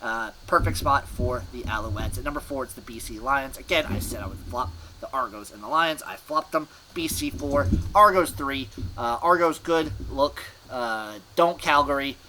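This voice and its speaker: A man's voice: medium pitch, normal speed, few pauses, noisy background. A man hosting a sports podcast, rambling in scattered, clipped fragments and laughing at himself. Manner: scattered, fragmented, self-mocking. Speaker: podcast host.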